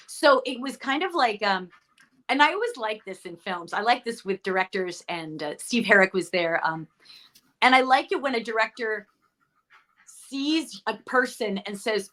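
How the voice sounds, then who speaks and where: A middle-aged actress guest telling stories in a chatty interview, often correcting herself mid-sentence. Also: female voice, a little high, animated, normal speed, sharp tone. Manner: chatty, storytelling, self-correcting. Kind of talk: casual interview chat.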